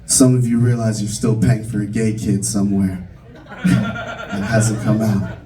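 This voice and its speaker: A man's voice: on the low side, flat delivery, a little slow, crowd noise. A young adult man performing a stand-up comedy set in a comedy club, talking casually and mocking himself, with lots of fillers. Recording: distant room recording of a live set.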